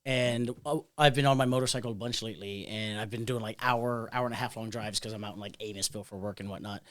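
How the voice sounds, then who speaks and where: A man's voice: lowish voice, fairly even intonation, quick pace, a bit bright. A young man hosting a casual bar chat podcast, rambling and chatty with lots of fillers. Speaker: podcast host.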